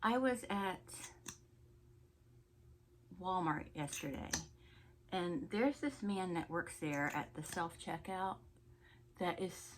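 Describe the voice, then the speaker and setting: A woman's voice: lowish voice, slow pace, long pauses, a little hiss or hum. Chatty woman telling a story. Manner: chatty, indignant storytelling with laughs. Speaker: vlogger. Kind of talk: get-ready-with-me story time.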